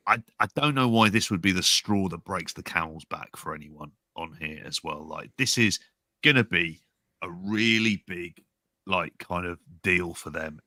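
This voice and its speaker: A man's voice: low voice, sharp tone, no echo, studio quality. A man co-hosting a podcast, giving blunt, wry opinions and swearing freely. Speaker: podcast co-host. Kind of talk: casual podcast chat.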